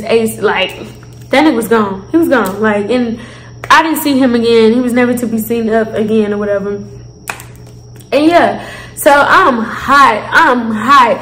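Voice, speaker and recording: A woman in her twenties telling a storytime vlog, animated and profane, talking straight to her viewers. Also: high-pitched, moderate pace, echoey room, slight background noise, rough recording. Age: 20s. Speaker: vlogger. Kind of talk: casual storytime.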